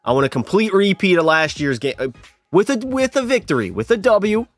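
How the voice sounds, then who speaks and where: Chatty, teasing young man, slightly high voice. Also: very animated, a little fast, dry recording, soft background music. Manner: chatty, teasing, banters with chat. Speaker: streamer playing a hockey video game. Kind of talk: casual live-stream commentary, chatting with viewers.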